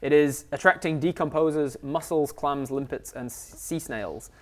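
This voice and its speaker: A man's voice: fairly high pitch, normal speed, a little mellow. A man narrating as game master of a tabletop game, rambling, with many fillers and restarts.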